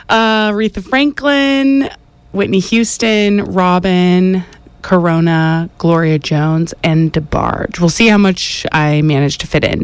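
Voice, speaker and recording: A woman's voice: mid-range voice, takes it slowly, clear, resonant tone, no room sound. A woman DJ back-announcing songs from a radio studio while she dances along. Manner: relaxed back-announcing of song lists; dancing while talking. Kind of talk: radio music show links.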